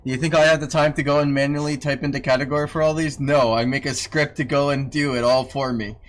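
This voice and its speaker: A man's voice: mid-range voice, steady tone, fast talker, slight background noise. A man livestreaming in casual chat, who swears freely, teases and scolds his dog in a lifted voice, and laughs often while answering viewers.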